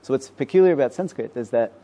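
His voice is mellow, expressive, and mid-range as this mathematician and professor explains ideas in a conversational interview. He has a patient, teacherly style and keeps a quick pace.

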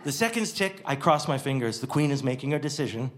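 A man from Canada telling a wry, nostalgic first-person story about his childhood, acting out its moments with lively flair. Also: medium pitch, fast.

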